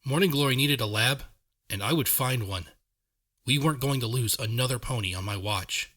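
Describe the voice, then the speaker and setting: A man narrating a story in the first person, reading in a measured, steady way. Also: mid-range voice. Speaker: audiobook narrator.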